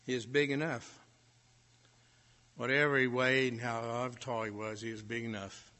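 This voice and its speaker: A male preacher telling a folksy story in his sermon, with animated swells in volume. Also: mid-range voice, normal speed. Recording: long hall reverb.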